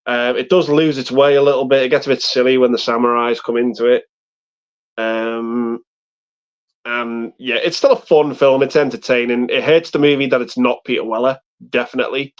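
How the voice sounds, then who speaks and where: A man's voice: mid-range voice, fairly even intonation, normal speed. Rambling, profane man with muffled sound. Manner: rambling, profane, acts out movie lines. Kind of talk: casual film chat on a live stream. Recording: muffled lo-fi stream audio.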